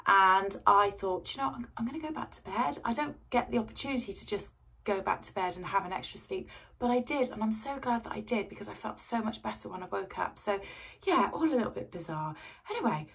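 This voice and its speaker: A middle-aged woman with a slightly husky voice from a cold, chatting casually and rambling to camera at home. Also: on the high side. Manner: chatty, rambling, self-deprecating. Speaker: sewing vlogger. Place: at home, indoors.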